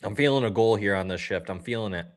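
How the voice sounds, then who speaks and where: Between plays of a game he's watching live, a stream host chats loosely and cheerfully with his viewers, jumping up loudly when something happens on the ice. His voice sits fairly low and he talks fast.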